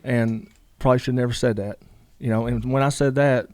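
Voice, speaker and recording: A man's voice: mid-range voice, steady tone, fairly quick, darkish tone, dry recording. A man, a guest telling a long story in a casual interview, rambling with lots of "you know" asides.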